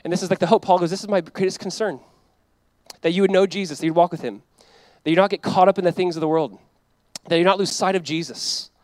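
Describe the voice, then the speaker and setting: A man in his thirties preaching a sermon as pastor, animated and emphatic, acting out quoted voices. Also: high-pitched, fast talker, no room sound.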